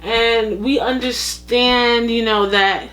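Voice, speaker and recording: A woman's voice: on the high side, steady tone, slow, fairly bright tone. A woman putting on the voice of a sugary, fake-polite TV show boss who talks in hesitant corporate phrases. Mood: falsely sweet.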